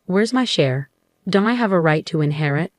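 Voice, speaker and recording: A woman's voice: lowish voice, animated, normal speed, no echo, close to an everyday voice. A woman voicing an entitled, dismissive adult sister who makes scornful demands.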